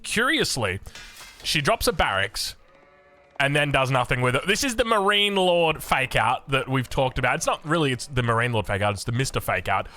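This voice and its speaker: A man with an Australian accent casting a strategy game in excitable, chatty commentary. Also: medium pitch, normal speed, soft background music. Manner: excitable, animated, chatty, laughs often. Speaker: game caster.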